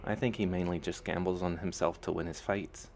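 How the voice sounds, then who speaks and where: An easygoing, confident young man with a matter-of-fact way of talking , as a male audiobook reader voices him. The tone sits very low and gravelly, with a faint hiss behind the reading. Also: fairly even intonation, brisk. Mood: casual.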